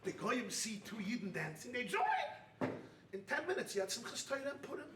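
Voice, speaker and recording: A man preaching as a rabbi at a retreat, impassioned, swinging from loud calls to hushed lines and mixing in Yiddish and Hebrew terms. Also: extremely high pitch, lively intonation, brisk, noisy background. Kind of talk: sermon with storytelling. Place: hall at a weekend retreat. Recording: roomy, distant mic with faint ambience.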